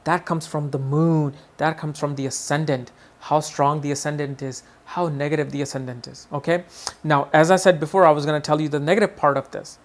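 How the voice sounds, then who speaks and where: A man teaching an astrology lesson in a lively way, often acting out what people say and repeating his words. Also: a little high, brisk. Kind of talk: video lesson.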